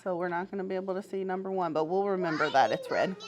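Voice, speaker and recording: A woman teaching preschoolers in a classroom, encouraging them with frequent praise and gentle teasing. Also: fairly low pitch, quick pace, background noise. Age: adult. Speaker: pre-K teacher. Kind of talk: classroom instruction to small children.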